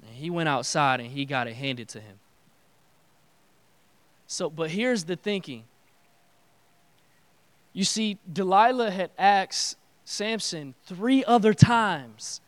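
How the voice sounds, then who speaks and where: A man preaching a casual, slangy sermon in a church, animated and acting out quotes. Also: high-pitched, slow, pauses often, clean tone.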